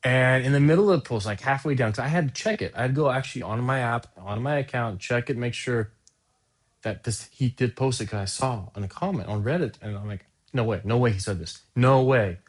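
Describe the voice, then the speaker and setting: A man's voice: medium pitch, expressive, a little fast. Guy hosting a podcast, sarcastic, rambles and cuts himself off a lot. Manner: sarcastic, rambling, self-interrupting. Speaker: podcast host. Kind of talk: casual podcast commentary.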